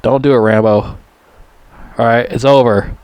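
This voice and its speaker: A man mimicking a calm, stern older male army colonel in his own everyday voice. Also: mid-range voice, unhurried, clear, resonant tone, no room sound, close to an everyday voice, rough recording.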